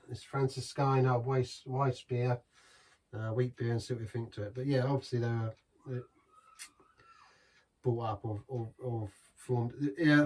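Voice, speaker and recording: A man's voice: medium pitch, distant mic. Rambling English man, a bit off-mic. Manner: rambling, waffling, chuckling asides. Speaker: beer reviewer, channel host. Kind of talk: casual rambling review.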